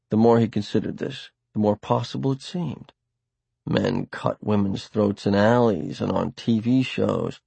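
Low rough-voiced guy narrating an audiobook, husky, totally dry studio sound. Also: warm tone, no room sound. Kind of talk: scripted narration.

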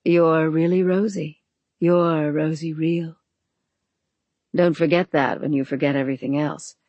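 A reader voicing a strange, mad woman who talks in a sweetly husky, slow and patient voice, recorded close and dry. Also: steady tone, no echo, lo-fi sound, natural voice. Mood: eerie patient. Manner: slow, patient, low and quiet.

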